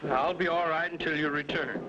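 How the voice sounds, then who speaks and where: A man's voice: fairly high pitch, fairly even intonation, brisk, noisy background, natural voice. A man voicing a frantic rancher father. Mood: anxious. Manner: anxious, pleading. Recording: dull old cartoon soundtrack with music.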